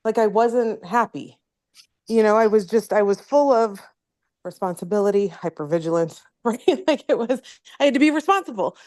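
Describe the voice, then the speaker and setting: A woman in a group call, sharing in a halting way as she searches for words. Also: medium pitch, animated, a little mellow.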